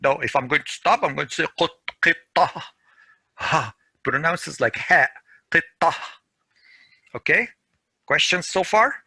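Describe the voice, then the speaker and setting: A middle-aged man teaching a grammar class over a video call, repeating each example slowly and patiently. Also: on the high side, lively intonation, creaky, pushed and bright, husky, no room sound. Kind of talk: online class lecture.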